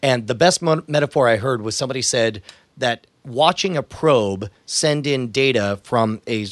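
A man in his thirties co-hosting a podcast, talking in a quick, rambling way with lots of fillers and restarts. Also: mid-range voice, no room sound. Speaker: podcast co-host. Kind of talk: casual chat.

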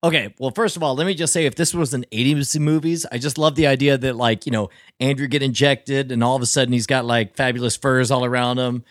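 A man's voice: mid-range voice, steady tone, quick pace, few pauses, dry recording, studio quality. A man co-hosting a podcast who tells rambling, laugh-filled anecdotes in casual comedic chat. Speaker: podcast co-host.

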